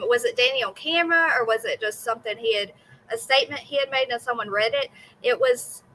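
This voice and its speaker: A woman's voice: fairly high pitch, bright, forceful tone, a little hiss or hum, poor audio. A young woman streaming from home, giving chatty, indignant commentary on a trial and talking straight to her viewers. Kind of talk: casual live commentary.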